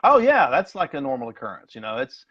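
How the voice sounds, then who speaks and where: A man's voice: medium pitch, wildly swooping pitch, quick pace, a bit bright, dry recording. Man, chatty and rambling, talking over his phone, dull dry sound. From Tennessee. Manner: rambling, self-deprecating, laughs often. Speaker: guest. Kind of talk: casual chat. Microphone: phone on a video call.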